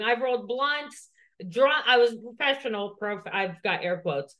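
A woman co-hosting a podcast speaks a little high and a little slow, with lively intonation and a pushed, bright tone. Her personal story comes out rambling and profane, stuffed with "like".

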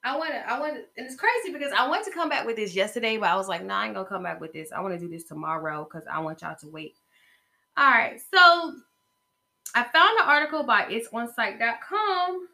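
Bright, sassy woman podcast host. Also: on the high side, lively intonation, a little fast, vocal fry. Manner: chatty, sassy, talks straight to listeners. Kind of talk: casual gossip commentary.

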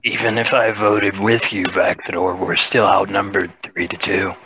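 A man's voice: deep voice, level tone, moderate pace, gravelly, background noise. A man playing a tabletop role-playing game, arguing stubbornly in character. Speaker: player. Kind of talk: tabletop role-play banter.

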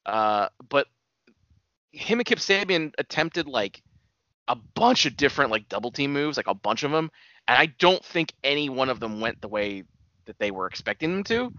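Lively-voiced man hosting a chat. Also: mid-range voice, moderate pace, dry recording. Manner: relaxed, rambling, with lots of fillers. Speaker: podcast host. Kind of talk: casual chat about wrestling. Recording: dull lo-fi dry sound.

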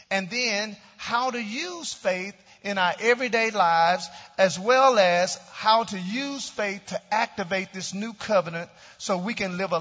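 Pastor preaching in a reverberant church. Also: male voice, high voice, fairly bright tone. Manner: leads congregation in call-and-response declarations. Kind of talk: sermon. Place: church sanctuary. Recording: dull lo-fi church hall recording with long reverb.

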